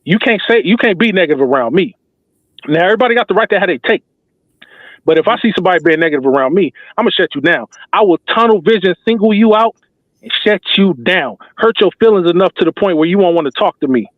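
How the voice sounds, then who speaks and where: A male talk show host in full fan mode, rallying the listeners with emphatic, repetitive slang. His voice sits high for a man and comes through narrow and phone-like. The sound is dry and close, with no room around it. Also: lively intonation, fast, no echo. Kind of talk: passionate fan commentary.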